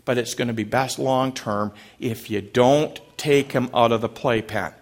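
A man's voice: mid-range voice, measured pace, natural voice. A man voicing a young mother giving firm but kind instructions in a spoken story.

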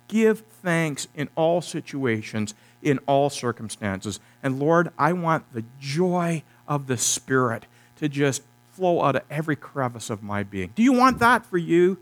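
A man preaching a sermon in a church service, speaking directly to the congregation and slowing down to repeat key phrases for emphasis. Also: on the high side, sing-song. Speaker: pastor.

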